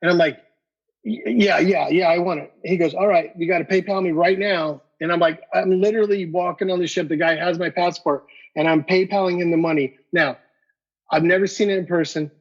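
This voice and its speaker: A man's voice: sits high, fairly quick. A man telling a collecting story in a casual chat, stumbling over repeated words and acting out both sides of a conversation. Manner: animated, repeats words, acts out dialogue. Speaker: guest collector. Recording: dull lo-fi podcast audio.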